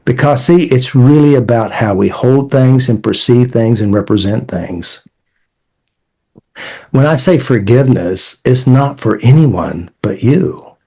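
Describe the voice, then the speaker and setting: A man's voice: medium pitch, darkish tone, breathy edge. A man hosting a conversational talk, telling client anecdotes with wry asides and acted-out quotes. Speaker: therapy method creator and podcast host. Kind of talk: conversational storytelling.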